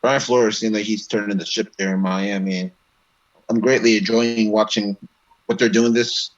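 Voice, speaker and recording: Low-voiced man with dull lo-fi sound. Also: moderate pace. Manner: relaxed, chimes in with short replies. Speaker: co-host of a sports show. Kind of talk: casual live-stream chat.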